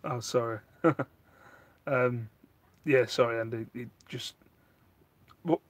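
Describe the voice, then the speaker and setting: A man's voice: mid-range voice, takes it slowly, no room sound. A man, hosting a casual live stream, rambling and answering viewer chat, getting worked up at times. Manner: rambling, animated, gets worked up.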